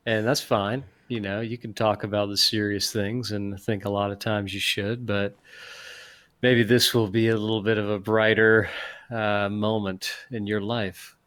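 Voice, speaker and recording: A man with a somewhat low voice hosts a casual podcast. He talks loosely and rambles, with lots of "like" and "you know" along the way. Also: unhurried, clear, resonant tone. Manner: relaxed, rambling, many fillers. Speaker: podcast host.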